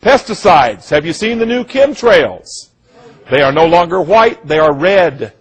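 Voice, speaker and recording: Guy with a husky voice going on earnestly, storytelling, keeps saying listen to me. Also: on the high side, expressive, measured pace. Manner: earnest, repeats "listen to me", quotes others in voices. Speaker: speaker giving a presentation. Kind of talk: impassioned monologue, storytelling.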